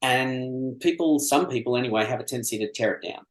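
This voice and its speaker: A man's voice: mid-range voice, fairly quick. Reflective man in a roomy echo. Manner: reflective and candid, with frequent fillers. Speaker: author, podcast guest. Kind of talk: casual podcast chat.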